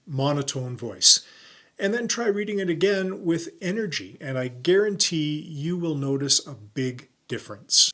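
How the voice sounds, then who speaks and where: A middle-aged man hosts a tutorial on camera, his voice bright and a little high for a man. He speaks in a clear, deliberate presenter's manner and leans on his key words. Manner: clear, deliberate presenter delivery with stressed keywords. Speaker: YouTube coach and host.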